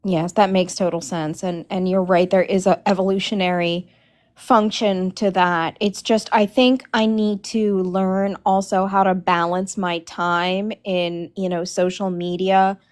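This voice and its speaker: A woman of forty calling in for advice, speaking in a hesitant, halting way. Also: lowish voice, fairly even intonation, darkish tone. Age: 40s. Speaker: caller. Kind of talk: live coaching call.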